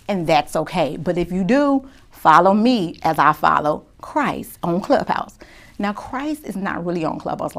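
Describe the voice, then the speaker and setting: A middle-aged woman hosts a casual faith-based talk show. She speaks straight to her viewers in a lively, chatty manner. Her voice sits at an ordinary middle pitch for a woman. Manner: lively and chatty, shifting to soft and quiet when grieving. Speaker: show host.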